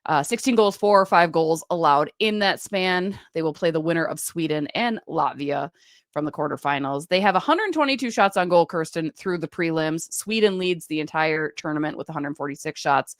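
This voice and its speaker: A woman with a low voice co-hosts a casual sports podcast. She runs briskly through stats and names, recorded dry and close with no room sound. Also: dry recording. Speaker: podcast co-host. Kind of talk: casual hockey chat.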